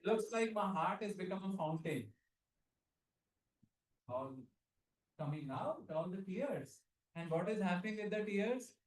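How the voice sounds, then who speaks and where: A man's voice: sits high, expressive, a little slow, pauses often, far from the mic. A man giving a devotional lecture, asking his audience questions and singing verses in between. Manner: explains with questions to the audience, sings Hindi verses. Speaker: preacher. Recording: very echoey hall, speaker off-mic.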